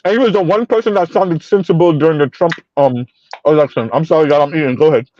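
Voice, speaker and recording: Wry, laid-back guy on a voice-chat panel. Fairly high voice, dry, dull audio. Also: fast, darkish tone, a little hiss or hum. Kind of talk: casual group chat.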